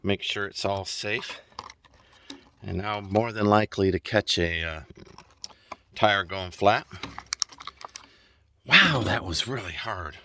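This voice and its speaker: A man's voice: on the low side, takes it slowly, pauses often, pushed and bright, a little hiss or hum. A man vlogging outdoors while fixing a trailer tire, rambling in a folksy way and short of breath. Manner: rambling, folksy, chuckling asides. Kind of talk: casual outdoor DIY vlog. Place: outdoors on rural land.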